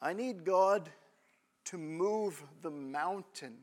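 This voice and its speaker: A man's voice: high voice, takes it slowly. A man in his thirties preaching a sermon in a conversational way, often checking in with the congregation. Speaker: pastor.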